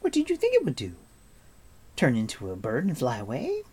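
A man reading an audiobook and voicing a chatty, mischievous young girl who scolds and teases in a high, quick voice. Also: huge pitch swings, darkish tone, slightly rough. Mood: teasing. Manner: quick, teasing and impatient. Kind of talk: audiobook character voice.

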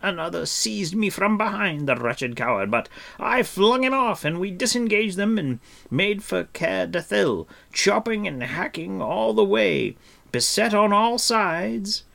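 A man's voice: medium pitch, huge pitch swings, moderate pace, vocal fry, few pauses, fairly bright tone, pitched above the performer's own voice, full character voice. A man voicing a boastful, flamboyant male bard who tells his battle story in a grandiose, exclaiming way.

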